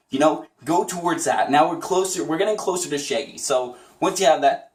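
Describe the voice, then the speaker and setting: A man's voice: a little high, fairly quick, hardly any pauses, recorded from a distance. A man teaching voice impressions in a casual, chatty tutorial, upbeat and often laughing. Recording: roomy echo, away from the mic.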